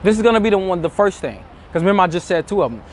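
A man's voice: high-pitched, big pitch swings, very fast, a little hiss or hum. A man talking as a dating coach, emphatic and acting out the inner thoughts of nervous men. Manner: emphatic, acts out inner thoughts in quoted asides. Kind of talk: motivational talk to camera.

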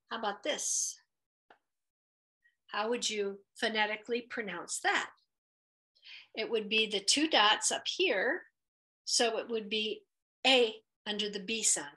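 A woman teaching a Hebrew letters lesson, patient and encouraging, sounding out each letter and vowel slowly. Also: mid-range voice, sharp tone. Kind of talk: children's lesson at a whiteboard.

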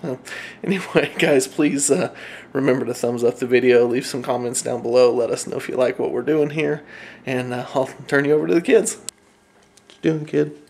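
A man's voice: mid-range voice, normal speed, creaky, darkish tone, slight background noise. A tired man talking casually to his camera for a family vlog, rambling and chuckling as he goes. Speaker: family vlogger.

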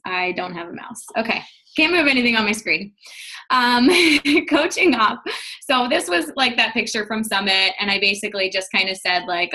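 Young woman, fitness coach, casual team call, chatty, upbeat, bright tone. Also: mid-range voice. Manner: chatty, upbeat, lots of fillers.

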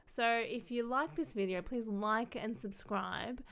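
A woman's voice: medium pitch, normal speed, hardly any pauses, a bit bright. A young woman casually unboxing gear for her vlog, gushing, sweary and chatty with rambling asides. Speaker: content creator and streamer.

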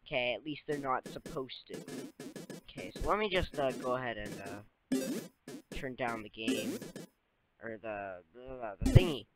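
A man's voice: mid-range voice, a little slow, long pauses, loud music behind the voice. A young man casually commenting on a game he is playing, rambling, giggling and talking to the characters on screen, recorded on a cheap new microphone. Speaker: let's play gamer.

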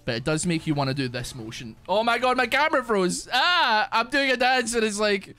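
Excitable gaming streamer with a slightly high, very lively voice, faint music underneath. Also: male voice, a little fast, few pauses. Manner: excitable, swearing, bursts of shouting and laughter. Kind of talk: casual live-stream chat over gameplay.

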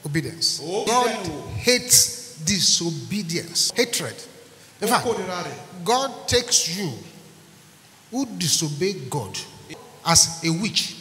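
A man's voice: sits high, very animated, takes it slowly, long pauses, bright, forceful tone, slight background noise. A man preaching a sermon as pastor, acting out dialogue and breaking into song. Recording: echoey hall with music behind.

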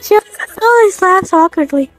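Very high voice, childish, whiny, dramatic, mischievous bunny animatronic, played by a woman. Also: animated, moderate pace, faint music behind. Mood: puzzled. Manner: playful, dramatic, whiny, giggly. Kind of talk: Minecraft roleplay voice acting.

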